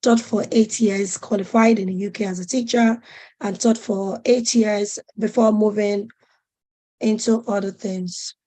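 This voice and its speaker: A woman's voice: medium pitch, steady tone, measured pace, warm tone. A woman in her forties presenting an online webinar over a video call, chatty and a little flustered and apologetic.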